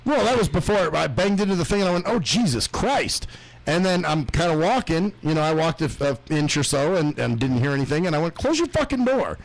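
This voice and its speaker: A man's voice: on the high side, fast, gravelly, hardly any pauses, no room sound, low-quality recording. A man in a heated, casual radio chat, swearing freely and defending himself with restarts and trailing sentences.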